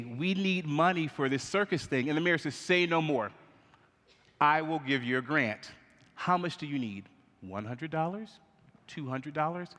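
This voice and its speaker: A man telling a story at a conference, acting out the voices and putting questions to the audience. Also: medium pitch. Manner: animated, acts out voices in anecdotes. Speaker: conference speaker. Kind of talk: storytelling keynote talk. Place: conference hall. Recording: reverberant conference hall.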